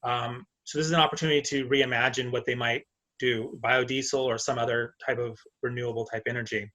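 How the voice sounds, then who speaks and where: A man's voice: mid-range voice, level tone, a little fast, pushed and bright. A man running for city council, answering casually and practically on a video call. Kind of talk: candidate forum answer. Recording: dull lo-fi video call audio.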